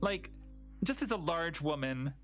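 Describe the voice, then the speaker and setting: An older woman, a podcast guest, telling stories in a wry, animated way during casual chat. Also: deep voice, measured pace, faint music behind.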